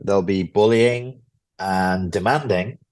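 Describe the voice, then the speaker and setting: A man's voice: lowish voice, slow, darkish tone. A man, a guest author, explaining a psychology topic in an interview in a blunt, lecture-like way, swearing freely.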